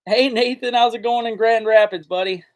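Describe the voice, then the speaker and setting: A man's voice: very high-pitched, steady tone, moderate pace. A man hosting a live fishing chat, talking in a folksy, rambling way and answering viewers' comments. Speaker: fishing channel host. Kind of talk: casual live-stream chat.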